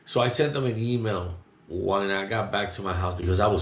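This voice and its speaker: A middle-aged man telling a story in a rambling, indignant way, talking loud. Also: fairly low pitch, a little fast. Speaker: vlogger. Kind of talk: casual monologue, recounting an incident. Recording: roomy echo.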